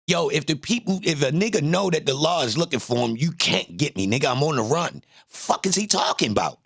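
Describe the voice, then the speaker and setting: Gravelly guy ranting at a clip, cussing and repeating himself, dry sound. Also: fairly high pitch, lively intonation, brisk, a bit bright, no echo. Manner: profane, blunt and emphatic, repeats phrases. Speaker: commentator reacting to a clip. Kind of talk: heated reaction commentary.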